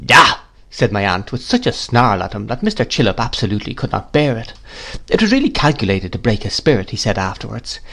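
A man reading a classic novel aloud in a measured, deliberate narration. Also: fairly low pitch, big pitch swings, creaky. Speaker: audiobook reader.

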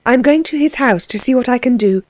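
A woman's voice: a little high, expressive, fast talker, darkish tone, no echo, natural voice. Woman voicing a curt, resolute young lady. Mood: determined. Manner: curt, firm commands.

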